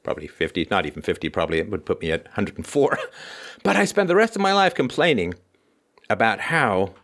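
A man's voice: fairly low pitch, big pitch swings, fairly quick, fairly bright tone. A man hosting a livestream, delivering a sarcastic, theatrical commentary monologue. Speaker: host and philosopher.

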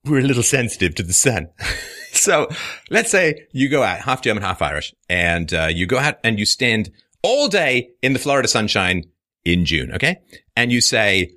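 A man's voice: medium pitch, sharp tone. A male host giving a sarcastic solo commentary, mocking his critics and often laughing mid-sentence. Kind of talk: monologue commentary responding to a viewer comment.

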